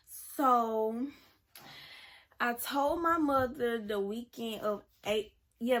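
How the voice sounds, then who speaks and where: A young woman, telling a personal story to camera in a rambling, casual way. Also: a little high. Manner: rambling, many "like"s and "y'all"s. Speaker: vlogger. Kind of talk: storytime vlog.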